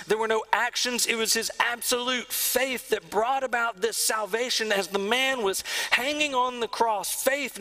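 A man preaching a sermon as the pastor of a church, earnest, sometimes dropping to a hush. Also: high voice, poor audio. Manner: earnest preaching, drops to a hush on key lines. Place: church sanctuary.

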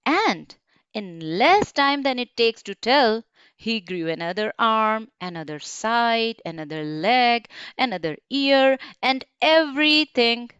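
A woman reading a children's picture book aloud, slow and gentle, with a bright, swooping sing-song pitch. The sound is close and dry. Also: animated, clear, resonant tone, no echo, dull audio. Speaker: storyteller.

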